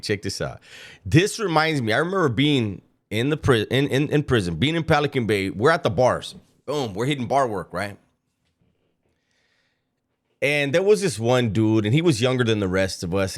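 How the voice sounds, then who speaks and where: A man's voice: mid-range voice, big pitch swings, moderate pace. Sarcastic, mocking commentator man. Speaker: reaction commentator. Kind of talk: reaction commentary.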